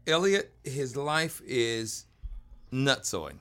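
A man with a medium pitch hosts a casual conversation and tells stories. His voice swings up and down as he jokes. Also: extremely slow, smooth. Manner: animated, jokey storyteller. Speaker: host. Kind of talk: casual podcast chat.

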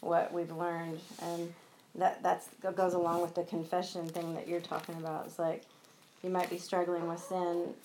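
A woman's voice: fairly low pitch, completely flat delivery, normal speed, darkish tone, slight background noise, rough recording. A woman in a Bible study group, thoughtfully adding a point and quoting scripture. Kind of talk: casual group discussion.

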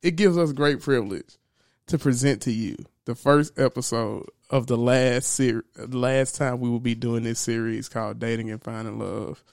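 A man co-hosting a podcast from a home workshop, animated as he retells conversations and laughs easily. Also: mid-range voice, moderate pace, vocal fry, dry recording, studio quality. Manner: animated, laughing storyteller who retells exchanges. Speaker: podcast co-host. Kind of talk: casual podcast chat.

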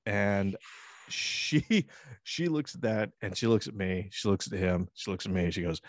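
A man with a fairly low voice chats as podcast co-host. He tells rambling stories full of swearing and laughter. His voice sits close and dry, with no room sound around it. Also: normal speed, no room sound. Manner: profane, laughing storyteller. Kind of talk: casual banter.

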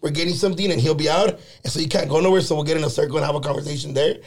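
A man's voice: on the high side, racing. A man co-hosting a casual chat, slangy and swearing often, laughing through his stories. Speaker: podcast co-host.

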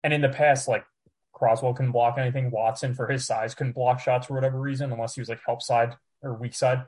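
A young man co-hosting a podcast, talking basketball in a relaxed, chatty way, full of "like" and "dude". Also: medium pitch, a little fast, husky. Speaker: podcast co-host. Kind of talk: casual sports chat.

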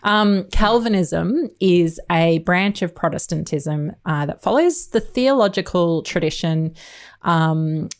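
A woman's voice: fairly low pitch, expressive, slow. A woman co-hosting a casual podcast, chatty and full of ums and researched asides. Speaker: podcast co-host. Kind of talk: casual chat.

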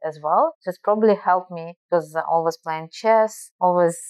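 A woman's voice: lowish voice, moderate pace, a little mellow, clear, resonant tone, no echo. A woman from Belarus with a Russian accent, answering interview questions earnestly and thinking aloud with many restarts. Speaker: guest.

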